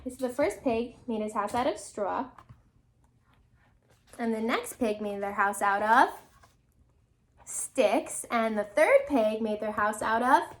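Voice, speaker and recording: A woman's voice: a little high, slow, pauses often. A woman teacher reading a storybook aloud to her class, telling it dramatically and stopping often to ask the children questions.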